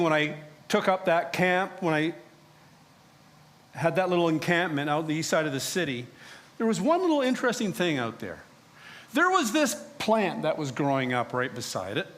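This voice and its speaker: A male preacher delivers a theatrical sermon, telling the story in character in the first person. His voice sits a little high and leaps around expressively. He drops to hushed pleading, then rises into loud, exasperated outbursts. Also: sing-song, normal speed. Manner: theatrical, speaks in character as the prophet.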